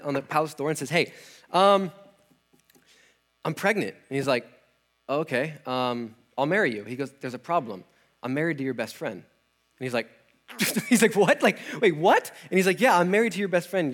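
A man's voice: fairly high pitch, animated, moderate pace, fairly bright tone. A young adult man preaching, retelling a scripture story casually with slang, laughs and acted-out character lines.

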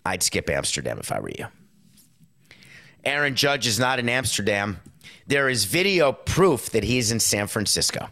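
Middle-aged male commentator, slightly low voice; loose, animated solo talk with acted-out asides. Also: normal speed. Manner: animated, acts out quotes in put-on voices. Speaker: sports and movie commentator. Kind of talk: casual monologue commentary.

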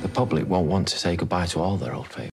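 A grave gentleman from a period drama trailer, speaking in an extremely deep, gravelly voice. Loud dramatic music swells behind his measured words. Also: fairly even intonation. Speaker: film trailer character.

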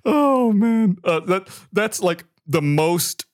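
Male podcast co-host, animated storyteller, dry close mic. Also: high voice, slow, dry recording. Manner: animated storyteller, gets heated retelling grievances. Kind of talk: casual chat. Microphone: studio mic, remote recording.

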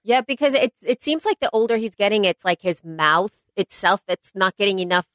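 A woman's voice: medium pitch, brisk, no echo, clean studio sound. A woman co-hosting a podcast in casual chat, talking hesitantly with frequent restarts. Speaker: podcast co-host.

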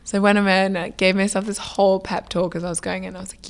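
A young woman, a food business founder, telling stories in a casual interview in a chatty, lively way, acting out what people said. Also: mid-range voice, fast. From United Kingdom. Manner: chatty, lively, many "like" fillers, acts out quoted dialogue.

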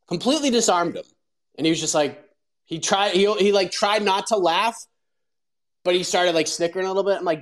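A man's voice: sits high, brisk, long pauses, rough recording. A man in his forties hosting a show, telling stories in casual commentary with lots of "like" and fillers. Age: 40s. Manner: animated storyteller, lots of fillers. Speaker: host.

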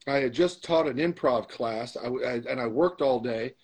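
A man with a mid-range voice speaks at a moderate pace on a rough recording. Appearing as an interview guest, he tells a candid story in an emphatic, motivational way, repeating phrases for stress.

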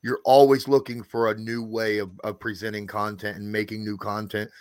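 A man in casual podcast conversation, speaking calmly and reflectively as he agrees with the host. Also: lowish voice, moderate pace, smooth, dry recording, studio quality. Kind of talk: casual chat.

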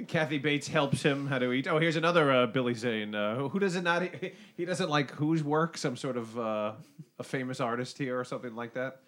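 A man's voice: medium pitch, moderate pace, fairly bright tone. A man chatting casually and with amusement while commenting on a movie he is watching with friends.

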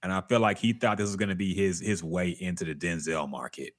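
A man with a slightly low voice co-hosts a laid-back podcast, talking bluntly and swearing freely as he reacts to clips. His delivery is loose and conversational. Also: fairly even intonation, fairly quick. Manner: profane, blunt, laughing commentary. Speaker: podcast co-host. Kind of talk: casual reaction chat.

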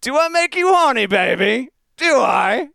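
A man's voice: very high voice, very animated, unhurried, vocal fry, sharp tone, dry recording, clean studio sound, voice pushed up, heavily acted. A man putting on a British accent to do a randy, swinging spy who leers through a pickup line. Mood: leering flirt. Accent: put-on British. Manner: leering, sing-song pickup line.

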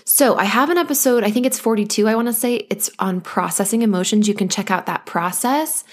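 A woman hosting a podcast as a postpartum coach, speaking gently and reassuringly to listeners, acting out anxious thoughts in quick asides. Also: mid-range voice.

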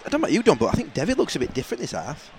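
A man co-hosting a football podcast, excitable and chatty. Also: on the high side, loud music behind the voice. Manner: excitable, quick to shout at play. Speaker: podcast co-host. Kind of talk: casual football podcast chat.

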